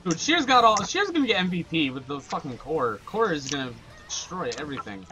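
Young man, high voice, gaming chat, excitable, cursing, faint background noise. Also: brisk. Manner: excitable, swears often while playing. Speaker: gamer on voice chat.

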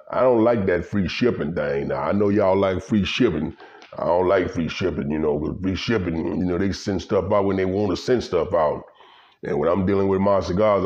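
A vlogger, an older man from Louisiana, chats loosely and folksily with his audience, laughing as he tells lively stories in a low-pitched voice. The recording sounds muffled.

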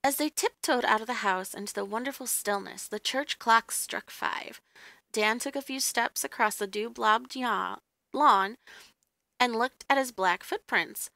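A woman reading a classic children's story aloud, in a gently expressive storytelling manner. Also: a little high, unhurried, gravelly, no echo. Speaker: reader. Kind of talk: audiobook narration.

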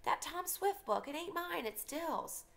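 A woman's voice: very high voice, animated, a little slow, vocal fry, fairly bright tone, pitched above the performer's own voice, full character voice. A woman reading the lines of a worried young girl in a storybook reading. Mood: anxious. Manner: worried, plain childlike questions. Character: young Southern girl, scared narrator child.

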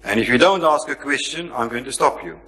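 Firm insistent chairman, bright edge, echoey lecture hall. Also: mid-range voice, expressive, brisk. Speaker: event chairman. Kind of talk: chairing a public Q&A. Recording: long hall reverb.

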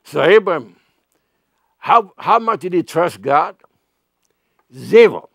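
Male pastor preaching, slightly high gravelly voice, slow delivery, plays out dialogue lines. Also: animated, fairly bright tone, no room sound, studio quality. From Europe. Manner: acts out everyday dialogue in raised voices. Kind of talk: sermon.

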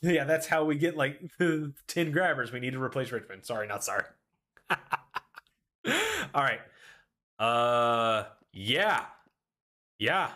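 Lively, bright-voiced male game streamer. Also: medium pitch, slow pace, pauses often. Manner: playful, exclaiming, talks himself through chaos. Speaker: streamer playing a cooking game solo. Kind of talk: live gameplay commentary to chat.

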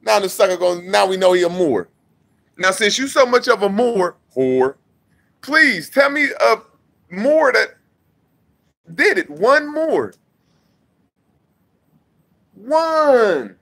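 A young man with a high, gravelly voice rants straight to camera. He is heated and mocking, repeats himself, and swings between loud outbursts and low muttering. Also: animated, slow, pauses often. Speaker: vlogger. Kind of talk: confrontational rant to camera.

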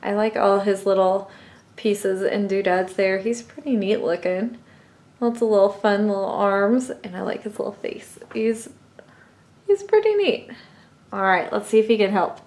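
A woman's voice: mid-range voice, measured pace, darkish tone. A woman, hosting a toy unboxing and gushing cheerfully over small toys. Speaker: toy channel host.

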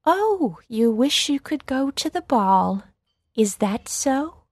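A woman voicing a gentle, kind fairy godmother in a children's storybook reading, speaking softly and kindly. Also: sits high, very animated, slow pace, no echo, voice pushed up, exaggerated voice. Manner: soft and kindly.

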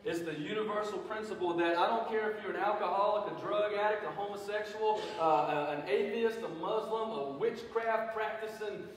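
A man preaching a sermon as pastor, moving from quiet reflection to loud, fervent declarations. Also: high-pitched, moderate pace, hardly any pauses. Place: large church sanctuary. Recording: echoey hall, mic from a distance.

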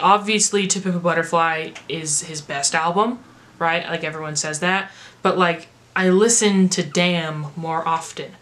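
An American woman reviews music casually in a rambling, chatty vlog style, leaning heavily on filler words. Her voice is pitched a touch low for a woman and sounds a bit bright.

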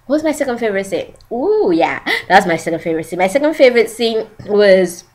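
A woman's voice: mid-range voice, sing-song, quick pace, a little mellow. Gushing young woman, chatty and giggly. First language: not English. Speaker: drama reviewer. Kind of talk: casual chat.

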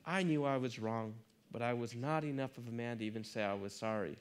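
An earnest man speaking at a conference, telling a personal story in a confessional tone. His voice sits at an ordinary middle pitch, and he talks with plain emotion. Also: a little fast, few pauses, smooth.

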